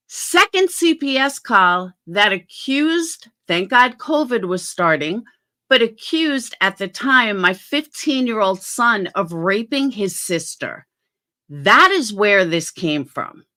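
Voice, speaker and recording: Bright-voiced, blunt woman vlogger. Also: medium pitch, sing-song, slow. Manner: blunt, defensive, heavy swearing. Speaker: YouTube commentary host. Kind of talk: casual commentary vlog.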